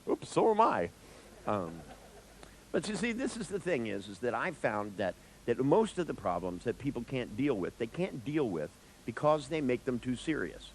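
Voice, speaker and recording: A man's voice: medium pitch, moderate pace, a little hiss or hum, low-quality recording. A therapist giving a live seminar talk to an audience, joking and speaking straight to listeners as he explains. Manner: animated, joking, acts out dialogues with clients.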